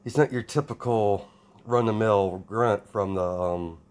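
A man voicing a calm, curious attendant to a princess in an improvised fan story. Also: lowish voice, a little slow, close to an everyday voice.

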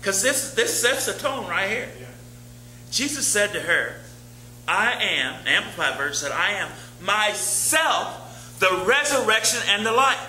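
A man's voice: high voice, very animated, unhurried, sharp tone, roomy sound, slight background noise, low-quality recording. A man preaching a sermon as pastor, talking in a conversational way, repeating key phrases and reading scripture aloud. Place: church sanctuary.

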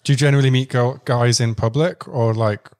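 A man hosts a relaxed interview and asks short, easygoing questions with plenty of fillers. His voice has an ordinary, middle pitch. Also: a little fast. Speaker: interviewer and channel host. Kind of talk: casual chat.

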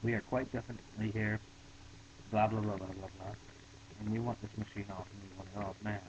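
A man voicing an irritated male philosopher who snaps back loudly, read over noisy webcam audio. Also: fairly low pitch, little pitch movement, fairly quick, lo-fi sound, lightly acted. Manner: loud irritated.

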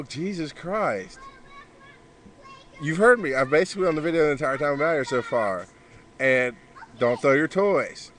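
A man's voice: a little high, slight background noise. Blunt, profane man vlogging outdoors. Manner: blunt, profane, yells at his kids. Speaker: podcaster and father. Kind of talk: casual vlog monologue. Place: outdoors by a backyard pool.

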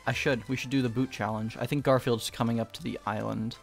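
A young man playing along as co-player, excitable and teasing, with sudden shouts in casual gameplay commentary. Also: mid-range voice, fast, creaky, soft background music.

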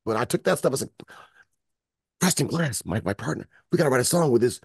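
Talking fast in a medium-pitched, creaky voice with a breathy edge, a Michigan music producer tells stories as an interview guest, animatedly acting out the people he quotes. The recording is dry and studio quality.

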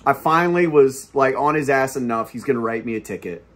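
A man hosting his channel, telling a story in a casual, animated, profane way. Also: medium pitch, fairly quick. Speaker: channel host.

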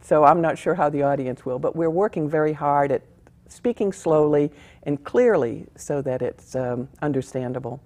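A woman actor answering interview questions in a friendly, measured way. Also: sits low, a little mellow. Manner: friendly, measured, chuckles at herself. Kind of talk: casual interview.

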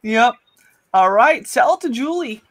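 A woman's voice: a little high, expressive, takes it slowly, a bit bright. A woman hosting a live jewelry auction stream, chatting casually, greeting viewers and laughing often.

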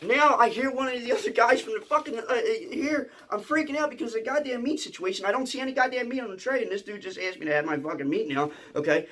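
Fast-talking, high-voiced male comic storyteller. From Philadelphia. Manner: profane, excitable, keeps asking "okay?"; stammers and restarts often. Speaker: comedian.

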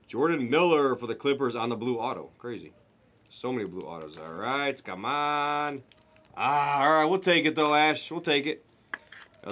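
A man hosting a card break, chatting casually and rattling off pulls with excited running commentary. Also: on the high side. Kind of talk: casual chat while opening cards.

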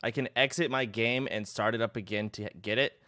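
A man's voice: medium pitch, fairly even intonation, a little fast, bright, forceful tone, no room sound. A young man chatting casually on a livestream, rambling and swearing freely. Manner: rambling, profane, exclaiming.

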